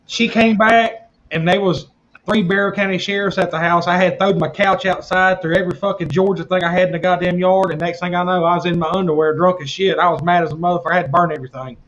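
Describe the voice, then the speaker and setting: High-voiced, profane man. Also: steady tone, fast talker, fairly bright tone, lo-fi sound. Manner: profane, rowdy storytelling. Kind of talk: casual chat.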